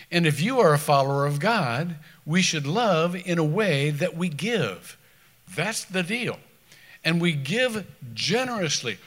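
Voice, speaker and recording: A man preaches with a somewhat high voice that rises for scripture and drops low for asides. He talks in a conversational way, often restarting his words. His pitch moves widely as he preaches. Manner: swings between loud scripture reading and low asides. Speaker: pastor. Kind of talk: sermon.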